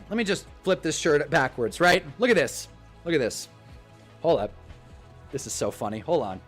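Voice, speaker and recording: A young man hosting a casual live stream, talking in an animated, swearing rant. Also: a little high, moderate pace, soft background music. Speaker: livestream host. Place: indoors at a green screen.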